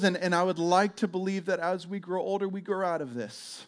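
A man's voice: high voice, fairly quick, few pauses. A middle-aged male pastor telling a story in a sermon, chatty and conversational, acting out the voices of the people in it. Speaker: pastor and police chaplain. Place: church.

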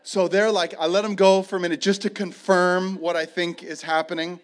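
A man in his thirties, a pastor, preaching and telling a lively personal story, loud and animated at the high points. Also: a little fast. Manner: animated storyteller, shouts when acting out his kids.

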